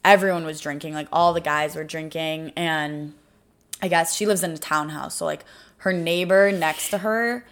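A woman's voice: low voice, moderate pace. A young woman chatting casually and rambling through a story with fillers. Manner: relaxed, rambling, filler-heavy. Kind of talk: casual chat.

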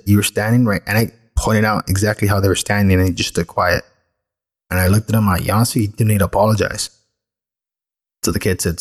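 A man's voice: lowish voice, fairly even intonation, fast. A middle-aged man hosting his own show, telling a personal story in a candid, reflective, conversational way.

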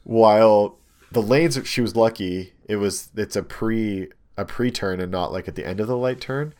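Man, young adult, fairly low voice, casual chat, rambling anecdote, frequent ums. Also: normal speed. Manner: rambling, animated storytelling with many ums and likes. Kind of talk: casual chat, telling a story.

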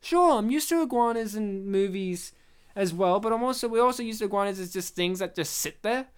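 A woman's voice: mid-range voice, lively intonation, a little fast, clean tone. A woman hosting a casual movie-review chat, laughing often and telling stories with animation. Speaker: podcast host reviewing a movie.

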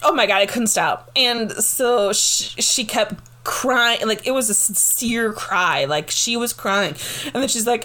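A woman in her thirties telling a story in casual chat, animated and giggly, swearing freely. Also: fairly high pitch, normal speed.

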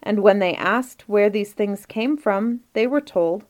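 A woman reading a Christmas storybook aloud in a gentle, measured narration. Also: medium pitch.

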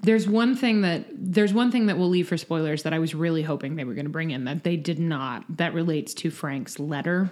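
A woman co-hosts a podcast in relaxed, casual chat. She sounds tired, swears freely and breaks into laughter often. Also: deep voice, a little fast, hardly any pauses. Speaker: podcast co-host.

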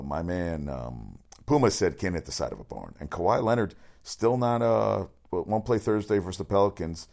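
A man running through sports news as a radio host, rambling, excitable and swearing often. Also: rumbling low, vocal fry. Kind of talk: casual sports news rundown.

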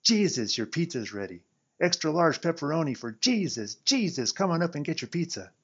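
A man voicing a brash young male pizza cook who calls out an order in a booming, mock-preacher style. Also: big pitch swings, moderate pace, a bit bright, husky, dull audio, exaggerated voice. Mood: mock-preaching.

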